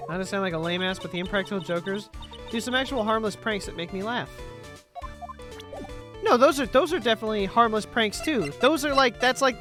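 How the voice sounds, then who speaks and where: Woman streamer, casual chatty, bright voice, soft game music behind. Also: medium pitch, fairly quick. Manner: chatty, blunt, joking.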